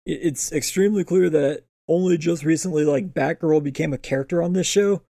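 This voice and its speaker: Gravelly, mellow-voiced man chatting casually. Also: on the high side, brisk, dry recording, clean studio sound. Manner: laid-back, crude, laughing. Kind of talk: casual chat reviewing a TV episode.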